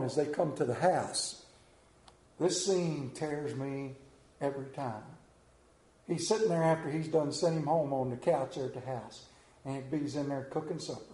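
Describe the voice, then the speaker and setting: A man's voice: a little high, dark tone. Folksy man retelling a story. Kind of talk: retelling a TV episode to an audience. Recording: roomy echo.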